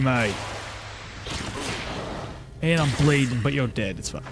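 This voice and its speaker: Lively-voiced man streaming a game. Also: mid-range voice, takes it slowly, over music. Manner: chatty, talks to himself and reads chat aloud. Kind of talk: casual live-stream chat while playing.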